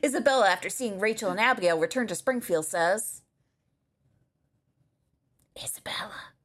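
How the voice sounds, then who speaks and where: A woman co-host reading fan fiction aloud in an animated, laughing way on a livestream. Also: mid-range voice, fast talker. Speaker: podcast co-host. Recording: livestream with faint noise.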